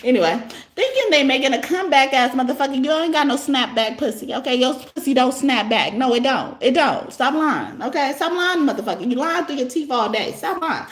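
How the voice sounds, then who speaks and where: A high-voiced woman hosts a casual livestream reading. Her talk is brash and profane, full of laughter, and she keeps breaking into snatches of song. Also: expressive, a little fast. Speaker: tarot reader on a livestream.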